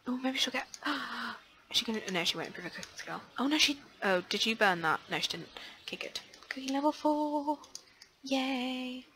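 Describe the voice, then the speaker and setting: A young woman chatting casually through a life-sim let's play, excitable, gasping and filling pauses with ums. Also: on the high side, a little hiss or hum, rough recording. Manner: chatty and excitable, frequent gasps and fillers. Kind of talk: casual gameplay commentary.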